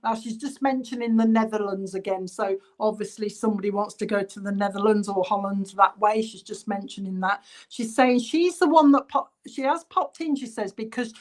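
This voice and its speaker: A woman's voice: medium pitch, moderate pace, hardly any pauses. A woman, working as a spiritualist medium and chatting through spirit messages while reading live comments during an online church service.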